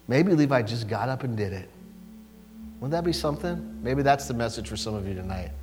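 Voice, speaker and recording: A man preaching a sermon in a conversational, animated way, often asking the listeners questions. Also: medium pitch, brisk. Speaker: pastor. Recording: long hall reverb, faint hum.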